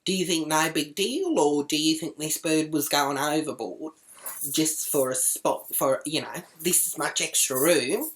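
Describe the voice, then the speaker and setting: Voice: medium pitch, unhurried, natural voice. A performer playing a crass, foul-mouthed middle-aged grandmother with an Australian accent, telling a rambling comic story straight to camera. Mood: brash. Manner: brash, swearing, rambling storyteller. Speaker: vlogger. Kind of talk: comic character monologue.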